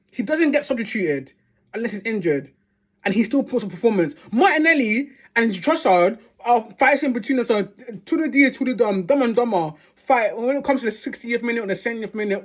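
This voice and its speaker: Lady fan vlogger going off, swears a lot, says stuff over and over. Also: on the high side. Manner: heated, sweary, repeats phrases for emphasis. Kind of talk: angry fan rant.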